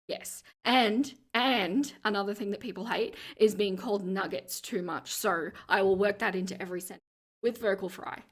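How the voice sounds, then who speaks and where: An Australian woman hosting a livestream, chatting casually as she reads viewer comments aloud, with vocal fry in her lower register and frequent laughter. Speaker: livestream host.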